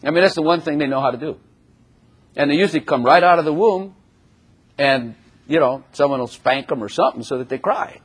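Husky man preaching a lively sermon. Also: a little high, a little fast. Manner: animated, acts out voices and laughs often.

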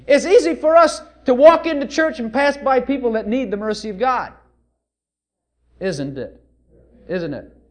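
A male preacher delivering a sermon, animated and full of rhetorical questions. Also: very high voice, a little slow, pauses often.

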